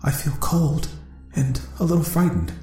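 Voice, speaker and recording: A frightened old woman whispers in a trembling, raised voice, as a male storyteller puts her on. Her words come out thin and airy from the strain of the scene. Soft music sits faintly behind her. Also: a little high, normal speed, echoey room, voice pushed up, natural voice.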